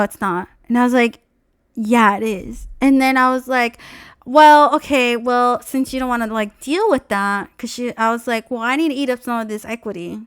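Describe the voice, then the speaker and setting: A young woman telling a story in a casual vlog, animated and swearing freely as she acts out both sides of a conversation. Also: fairly high pitch, clean tone, dry recording, clean studio sound.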